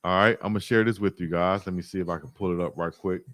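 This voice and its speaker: A man from Alabama, hosting a sports livestream, telling stories in a slangy, lively way and reading chat comments aloud. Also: low-pitched, quick pace, no room sound. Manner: slangy, animated storytelling, reads chat aloud. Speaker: sports YouTube host.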